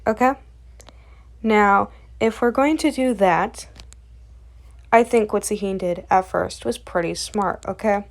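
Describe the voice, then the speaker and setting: A woman's voice: mid-range voice, slow, pauses often. A woman recapping a webcomic in a rambling, chatty way, full of fillers. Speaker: comic recap creator. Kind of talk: casual comic recap.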